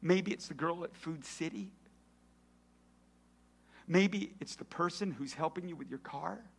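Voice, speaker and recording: A man preaching a sermon, telling stories and dropping from loud lines to hushed whispers. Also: fairly high pitch, unhurried, creaky, husky. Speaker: pastor.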